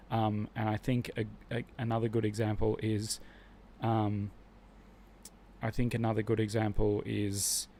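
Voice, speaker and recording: A man's voice: fairly low pitch, darkish tone, a little hiss or hum. Opinionated man chatting on a stream. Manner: opinionated, rambling with frequent restarts. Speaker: live-stream host. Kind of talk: casual live-stream chat.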